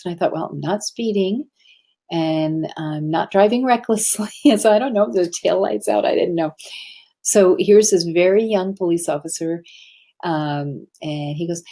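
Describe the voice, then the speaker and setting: A woman's voice: fairly low pitch, moderate pace, dark tone. A middle-aged woman giving a casual motivational talk, earnest and meandering as she tells stories. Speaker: speaker on love and self-expression.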